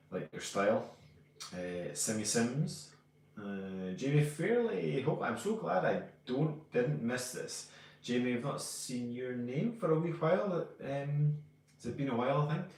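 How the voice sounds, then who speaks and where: A man's voice: mid-range voice, very echoey, recorded from a distance. A Scottish man co-hosting a casual live stream, chatting and greeting viewers by name as he reads their comments. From Scotland.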